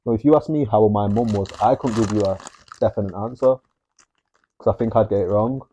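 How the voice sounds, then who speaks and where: A young man chats on a podcast in a dry, easygoing way. His voice is mellow and warm, and he talks about everyday life at a relaxed pace. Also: fairly low pitch, fairly quick, slight background noise. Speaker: podcast co-host. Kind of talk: casual chat.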